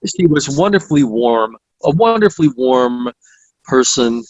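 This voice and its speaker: A man's voice: mid-range voice, animated, moderate pace, no echo, lo-fi sound. Man telling stories in a dry close recording. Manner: storytelling with many restarts and fillers. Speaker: author and guest. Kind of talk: conversational interview.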